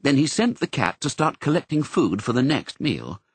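A man narrating a children's novel in an expressive, measured storytelling voice. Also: medium pitch, husky, dry recording. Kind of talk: audiobook narration.

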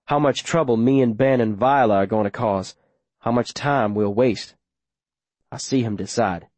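A man narrating a story in the first person, steady and plain, with rural grammar. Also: mid-range voice, no room sound. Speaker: audiobook narrator.

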